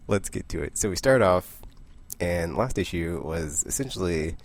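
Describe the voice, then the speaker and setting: A young man chatting casually about the comics he picked up this week, rambling with asides and short laughs and acting out the characters in quick voices. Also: low-pitched, animated, vocal fry, breathy edge. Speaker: comic book vlogger. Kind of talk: casual comic book review.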